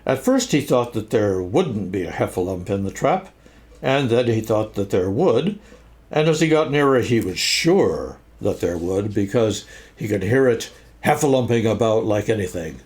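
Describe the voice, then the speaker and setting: An older man reading a children's book aloud as a storyteller, in an expressive, sing-song storytelling manner. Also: on the low side, normal speed.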